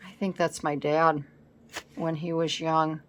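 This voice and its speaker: A woman's voice: sits low, level tone, measured pace, a little hiss or hum. A woman talking casually at her craft table at home, thinking aloud as she works, recorded by a camera set on the table. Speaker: scrapbooking vlogger. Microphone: camera set up on the work table.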